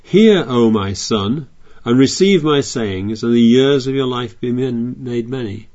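A man's voice: medium pitch, a little slow, a little mellow. Man preaching on a dull recording. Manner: reads scripture aloud then explains it conversationally, with frequent restarts. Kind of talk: sermon.

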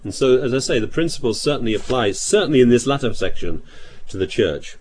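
A man's voice: medium pitch, expressive, fairly quick, a little mellow, slight background noise. A man preaching a sermon, reading scripture aloud and explaining it, often restarting his phrases. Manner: reads scripture aloud, with frequent restarts and rising emphasis.

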